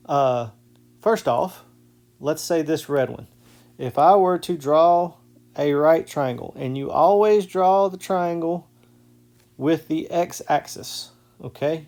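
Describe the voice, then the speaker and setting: A man's voice: mid-range voice, darkish tone. A male math teacher walking through a casual whiteboard lesson step by step, often checking in with "okay?".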